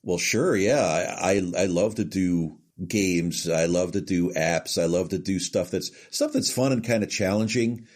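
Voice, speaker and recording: On a casual podcast interview, a middle-aged male voice actor spins self-deprecating tales from his career, slipping briefly into character voices. He speaks at a measured pace with hardly any pauses, his deep voice a little mellow.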